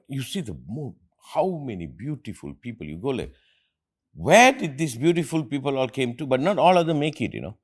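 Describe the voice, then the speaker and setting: A man's voice: mid-range voice, a little mellow. A middle-aged man from India, hosting an earnest motivational talk with his family and repeating phrases for emphasis. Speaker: host and motivational speaker.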